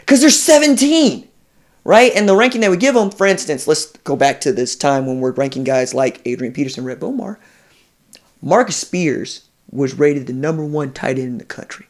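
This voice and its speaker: A man in a casual sports podcast chat, telling recruiting stories with animated energy and slipping into quoted voices. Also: on the high side, normal speed. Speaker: college football recruiting analyst.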